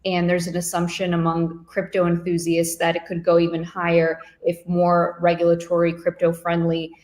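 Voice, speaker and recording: A woman guest analyst casually explaining market news in a relaxed way, with filler words. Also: lowish voice, moderate pace. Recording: echoey room sound.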